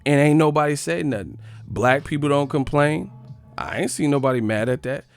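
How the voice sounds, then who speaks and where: Boxing-stream host, male, gravelly, mid-pitched, foul-mouthed and animated, close dry sound. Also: normal speed, dry recording, soft background music. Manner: profane, animated, mocks others in put-on voices. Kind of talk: live stream rant.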